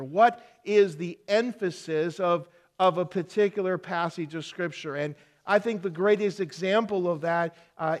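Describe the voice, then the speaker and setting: A man preaching as a pastor, teaching earnestly with rhetorical questions and slow, emphatic repeated phrases. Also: fairly high pitch. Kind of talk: sermon.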